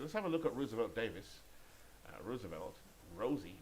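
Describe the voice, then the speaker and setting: A man's voice: medium pitch, very animated, fast, a little hiss or hum, low-quality recording. A British man calling play-by-play for a baseball video game he is playing, chatting and thinking aloud between calls. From Great Britain. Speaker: gamer and play-by-play caller.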